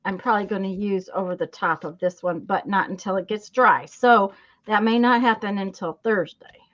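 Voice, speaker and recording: A woman's voice: medium pitch, moderate pace, a bit bright. A woman hosting a casual crafting live stream, telling stories in a rambling way with lots of fillers and restarts. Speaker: craft channel host. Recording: dull lo-fi sound.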